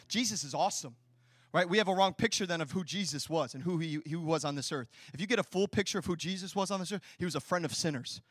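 A pastor delivers a sermon in a high-sitting, fast voice, swinging from hushed, intimate lines to loud, rousing ones, with chatty asides and rhetorical questions. The recording is dry and studio quality.

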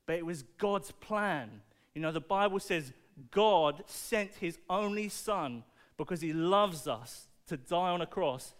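A man preaching a playful, animated talk to children, asking the audience questions and using object lessons. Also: high-pitched, clear, resonant tone.

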